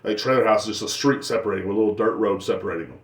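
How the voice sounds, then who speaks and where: Speaking very fast in a lowish voice, a young man runs his own podcast alone. He rambles through crude tales, laughing at his own jokes.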